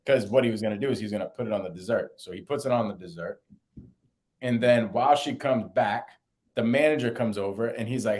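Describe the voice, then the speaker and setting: Animated young man telling a story. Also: fast. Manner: animated, acts out quotes in a higher voice. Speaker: podcast co-host. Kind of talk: casual storytelling chat.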